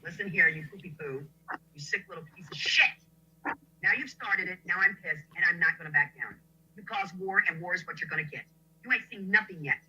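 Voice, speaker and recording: A woman's voice: fairly low pitch, brisk, sharp tone, muffled recording, slight background noise. A woman delivering a furious, profane, threatening rant at someone online.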